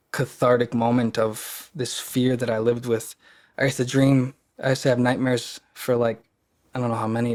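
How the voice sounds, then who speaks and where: A man with a voice of middle pitch tells a personal story as a guest on a podcast. His delivery is casual and earnest. He often halts, backs up and restarts his sentences as he works through what he wants to say. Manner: halting, many fillers and restarts, earnest.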